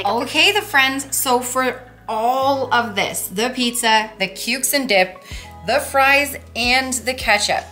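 A woman's voice: a little high, slow pace, bright, forceful tone, soft background music. A woman hosting a cooking vlog, chatting in a bubbly, enthusiastic way and cheering her viewers on. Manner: bubbly, enthusiastic, upbeat encouragement. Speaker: weight loss cooking vlogger. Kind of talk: casual cooking vlog chat.

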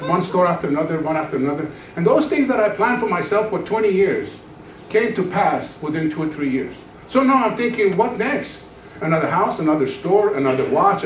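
A man in his thirties preaches his testimony with a lively, swooping delivery, sinking to a near-whisper for the dramatic beats. His voice sits a bit high for a man. It is picked up from a distance in an echoey church hall, with faint room sound behind. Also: a little hiss or hum. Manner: storytelling, acts out his own past voice with dramatic drops to a hush. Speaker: pastor. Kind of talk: testimony sermon. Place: church sanctuary.

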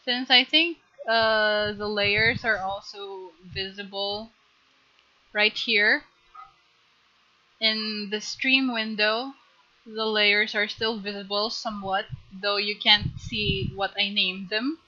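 Bright-voiced giggly woman teaching drawing. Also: mid-range voice, fairly even intonation, takes it slowly, dull audio. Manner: chatty, giggly, gently coaching. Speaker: art streamer teaching drawing. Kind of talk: live drawing tutorial.

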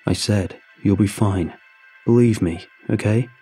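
A man doing a gruff, stern protector. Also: lowish voice, measured pace. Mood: reassuring. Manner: scolding, commanding. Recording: soft music underneath.

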